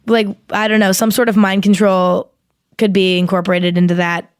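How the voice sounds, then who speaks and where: A young woman hosts a podcast in loose, rambling chat, leaning on "like" as she talks. Her voice is smooth and clear at a middle pitch. The sound is dry and close to the mic. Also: flat delivery, normal speed, no echo. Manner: chatty and rambling, heavy use of "like". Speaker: podcast host. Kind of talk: casual chat with a sponsor read.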